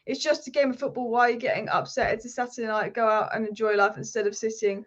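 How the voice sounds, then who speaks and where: Passionate woman ranting fast on a live stream. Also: a little high, little pitch movement, lo-fi sound. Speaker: football channel host. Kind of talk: live-streamed football talk.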